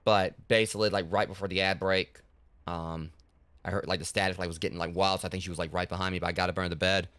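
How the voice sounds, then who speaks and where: A man's voice: low voice, little pitch movement, quick pace, fairly bright tone, clear, resonant tone, no echo. A man streaming a horror game and chatting loosely to his viewers, rambling with lots of fillers. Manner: rambling, heavy with fillers like "like" and "you know". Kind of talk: casual gaming livestream talk.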